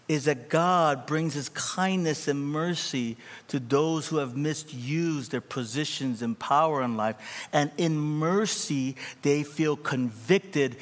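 A man delivers a sermon in a high, bright voice, building from calm teaching into near shouts. He plays out little quoted dialogues with the congregation. The hall adds a long, echoing tail to every word. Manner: animated preaching, rising to near shouts. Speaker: pastor. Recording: reverberant hall.

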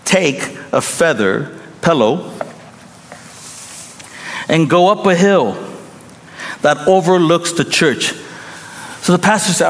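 Male pastor, sermon, slightly high voice, slow delivery, reverberant hall. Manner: animated storytelling with acted quotes.

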